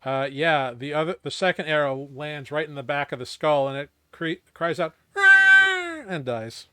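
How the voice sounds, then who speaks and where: A man narrating as game master of a tabletop game, relaxed with many fillers. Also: a little high, moderate pace, clear, resonant tone, no echo.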